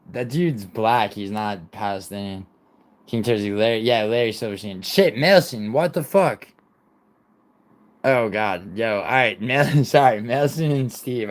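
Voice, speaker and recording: A young man in his twenties talks off the cuff on a livestream, swearing freely and trailing off into restarts. His voice sits fairly low, and he answers chat messages as they come in. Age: 20s. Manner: rambling, profane, reads and answers chat. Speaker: livestream host.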